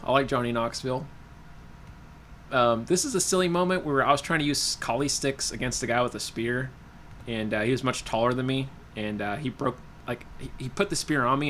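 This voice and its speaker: A man's voice: mid-range voice, sharp tone, slight background noise. A young man hosting a livestream, chatting loosely and telling stories, with lots of fillers, restarts and laughs. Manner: rambling, laughs often, many fillers and restarts. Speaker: livestream host. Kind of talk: casual chat while reading viewer comments.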